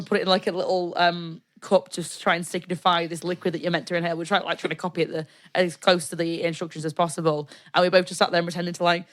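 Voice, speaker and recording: A British woman co-hosting a podcast, chatting casually and recounting a live-action role-play event with lots of laughter and acted-out quotes. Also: on the low side. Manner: animated storyteller, laughs often, acts out quotes. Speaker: podcast co-host.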